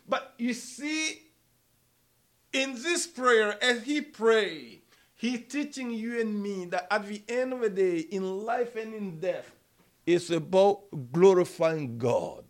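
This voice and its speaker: A middle-aged man preaching a sermon, speaking slowly and deliberately, repeating key words for emphasis and addressing listeners as brother and sister. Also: high-pitched, animated.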